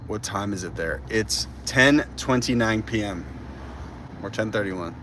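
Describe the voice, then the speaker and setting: A young man in his twenties holds a casual live stream from a city street at night, answering viewers in a playful, teasing way, full of slang. His voice sits low. Faint traffic hums in the background. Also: unhurried. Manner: playful, teasing, slangy with lots of dude and bro. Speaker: livestreamer.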